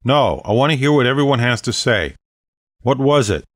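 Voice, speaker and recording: A man's voice: medium pitch, animated, moderate pace, fairly bright tone, no echo, studio quality, voice pushed up. A man voicing a regal, commanding ancient female vampire leader, speaking boldly and stately in an audiobook. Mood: firm. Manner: bold, stately, proclaiming. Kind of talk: audiobook character voice.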